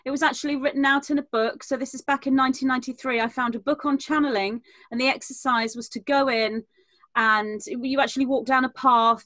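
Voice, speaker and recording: A woman's voice: fairly high pitch, fairly bright tone, no echo. A woman guest on a video call, eagerly sharing a personal experience in a spiritual roundtable.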